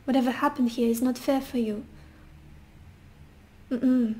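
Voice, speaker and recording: A woman's voice: fairly high pitch, steady tone, unhurried, dark tone. A young woman giving a casual tarot reading, musing intuitively with sassy asides. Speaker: tarot reader.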